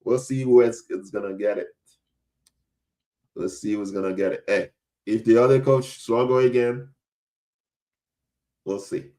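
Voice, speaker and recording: A man's voice: on the low side, a little slow, long pauses, dark tone. A young adult man from Florida hosting a podcast, giving casual sports commentary in a blunt, emphatic way, often repeating himself for effect. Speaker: podcast host.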